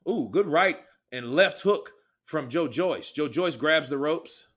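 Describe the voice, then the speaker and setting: A man giving casual, excitable live play-by-play commentary on a boxing match, calling punches rapidly and swearing freely. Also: fairly high pitch.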